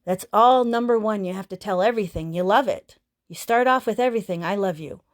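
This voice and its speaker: A woman's voice: medium pitch, brisk. A woman in her fifties giving an earnest live-stream talk on self-healing, speaking straight to her viewers. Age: 50s. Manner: earnest, repeats herself, speaks straight to the audience. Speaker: self-healing teacher and host.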